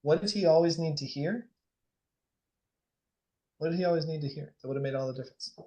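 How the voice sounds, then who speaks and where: A man leading a group coaching workshop, guiding reflection in a soft, slow, hushed voice, blunt and swearing freely. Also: fairly high pitch. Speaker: workshop leader and life coach. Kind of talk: guided group coaching session.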